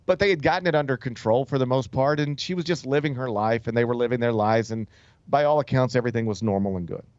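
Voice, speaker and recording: A man at a middle pitch hosting a talk show, spinning a story in a loose, chatty way, full of fillers and false starts. His voice sits close and dry, without room sound, and the recording is a little muffled and dull. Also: fast talker, darkish tone, no room sound. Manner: loose, rambling delivery full of "like" and "um", with frequent restarts. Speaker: sports radio host.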